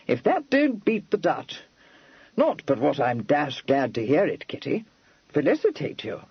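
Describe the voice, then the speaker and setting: A man voicing an amiable young Regency gentleman in an audiobook, drawling in clipped, slangy phrases with unhurried patience. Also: on the high side, very animated, vocal fry, slightly rough, no echo, lo-fi sound, full character voice. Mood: genial.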